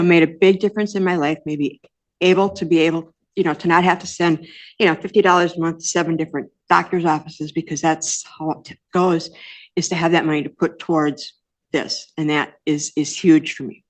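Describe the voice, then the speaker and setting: An older woman speaking as a defendant in court, earnest and rambling, with soft hesitations. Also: low voice. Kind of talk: courtroom testimony.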